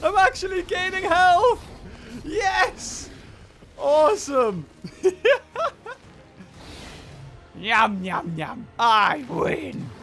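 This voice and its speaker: A man hosting a gameplay video, with playful, excitable commentary, laughing and yelping at the action. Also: high-pitched. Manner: playful, laughs and yelps at the game. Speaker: gaming video host.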